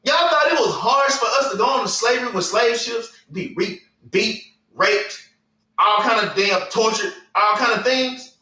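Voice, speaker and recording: A man's voice: extremely high pitch, normal speed, pushed and bright, distant mic. A man teaching a Bible class, preaching bluntly with slang and cursing, and often tagging "man" and "all right". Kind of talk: informal preaching with scripture reading. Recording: echoey room, away from the mic.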